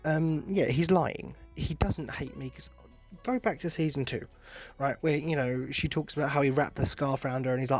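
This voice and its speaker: A man's voice: mid-range voice, normal speed, soft background music. A young man talking casually on his own podcast, rambling and breaking off into joking asides. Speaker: podcast host. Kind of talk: casual solo podcast talk.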